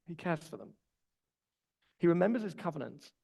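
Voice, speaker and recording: Gravelly young preacher. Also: male voice, fairly high pitch, moderate pace, low-quality recording. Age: 20s. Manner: relaxed storytelling, personal anecdotes. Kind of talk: conversational sermon.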